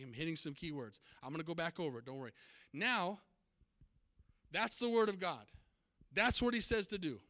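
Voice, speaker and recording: A man's voice: on the high side, pushed and bright, no echo. A man preaching a sermon as pastor, emphatic and often asking his congregation questions.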